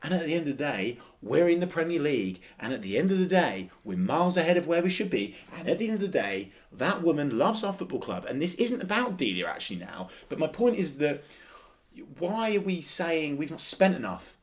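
A man's voice: fairly high pitch, sing-song, a little fast. A man co-hosting a football podcast, talking emphatically and repeating phrases for emphasis. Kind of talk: casual chat.

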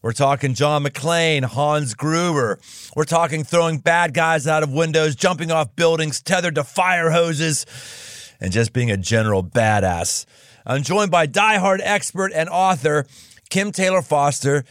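A man's voice: fairly high pitch, unhurried, a bit bright, no room sound, studio quality. An American man hosting a podcast interview, exuberant and jokey, with a lot of emphasis. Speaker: podcast host. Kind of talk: casual interview.

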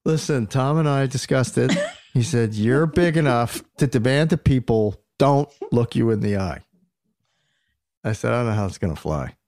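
Playful halting man from Philadelphia, dry sound. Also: medium pitch, expressive, a little mellow, no echo. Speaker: guest. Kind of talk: casual chat.

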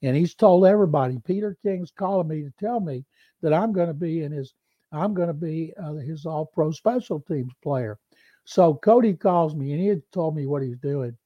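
A man co-hosting a sports podcast tells a long anecdote with gusto, slipping into other people's voices as he goes. His voice sits a little high. The sound is dry and a bit muffled. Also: moderate pace, no echo. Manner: animated storyteller, mimics voices in quotes. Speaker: beat reporter and co-host.

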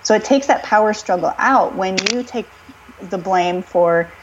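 A woman speaking as a guest expert on a podcast, giving calm parenting advice and acting out scripts for parents. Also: medium pitch, normal speed, highs cut off, a little hiss or hum. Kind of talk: podcast conversation.

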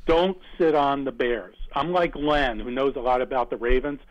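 A man calls in to a sports radio show and gives an earnest, steady analysis. His voice sits in a mid range. The call comes through a dull phone line. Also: mid-range voice, moderate pace. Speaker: caller.

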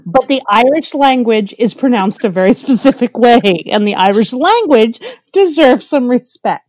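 A woman's voice: a little high, animated, moderate pace, darkish tone, no echo, low-quality recording. A woman co-hosting a casual podcast, dropping dry, teasing remarks into the chat. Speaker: podcast co-host.

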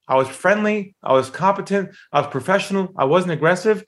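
Man, animated storytelling, emphatic delivery, acts out voices. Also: a little high, brisk, hardly any pauses. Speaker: sales trainer guest telling a story.

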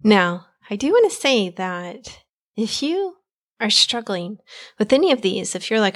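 A woman's voice: medium pitch, big pitch swings, a little slow. A woman hosting a self-help podcast, talking directly and encouragingly in a conversational way. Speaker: podcast host.

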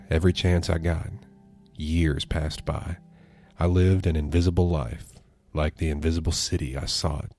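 Very deep-voiced man narrating horror. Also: darkish tone. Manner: somber, measured. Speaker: podcast narrator. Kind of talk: scripted horror story narration.

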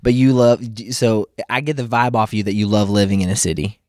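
A man hosting a podcast, who mostly gives short affirmations and asks relaxed questions in casual conversation. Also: lowish voice, a little fast, no echo, studio quality. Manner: brief affirmations, relaxed interviewer.

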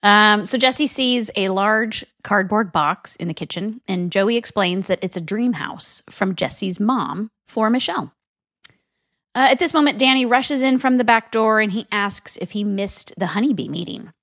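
A woman's voice: mid-range voice, expressive, moderate pace, fairly bright tone, no echo, clean studio sound. A woman podcast co-host in a casual recap chat, summarizing plot in a chatty way.

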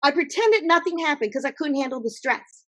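Emphatic high-voiced woman author. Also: fairly quick. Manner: emphatic, animated storyteller. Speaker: guest author. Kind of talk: conversational interview.

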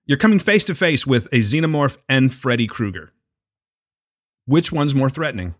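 Teasing middle-aged male host, animated, dry close sound. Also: medium pitch, moderate pace, dry recording. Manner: teasing, argumentative, laughs often. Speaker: podcast host. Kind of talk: casual chat.

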